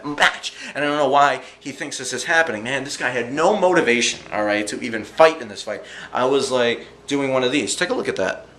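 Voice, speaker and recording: A man giving an animated, slangy, jokey recap of fight events in a casual vlog. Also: medium pitch, reverberant. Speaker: vlogger reviewing fight events.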